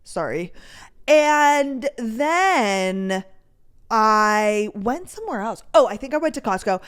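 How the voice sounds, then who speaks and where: A woman's voice: a little high, lively intonation, takes it slowly, fairly bright tone, clear, resonant tone. A young woman, hosting a podcast and chatting casually through a rambling storytime. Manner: bubbly, chatty, rambling with lots of "like". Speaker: podcast host.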